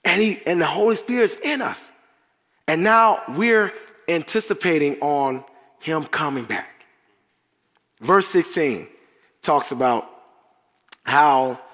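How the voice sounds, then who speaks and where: Unhurried preacher man in echoey hall. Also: a little high. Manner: conversational, laughs often, animated asides. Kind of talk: sermon devotional. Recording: reverberant church hall.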